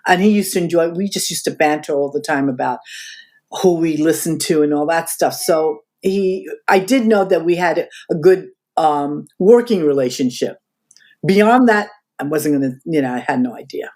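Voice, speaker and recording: A woman's voice: deep voice, normal speed. A woman in her seventies from the United States, a guest in an interview, telling a story and acting out the dialogue she quotes. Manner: animated storyteller who acts out quoted dialogue.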